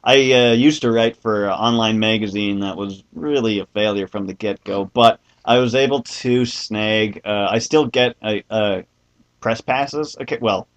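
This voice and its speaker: A man's voice: lowish voice, unhurried, muffled recording. A man hosting a podcast in casual chat, joking and self-mocking and laughing often. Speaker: podcast host.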